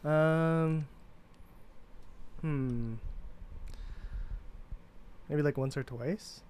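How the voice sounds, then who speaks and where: A man's voice: on the high side, very slow, a little mellow, slight background noise. A man co-hosting a podcast in casual chat, laid-back and joking, laughing easily. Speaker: podcast co-host.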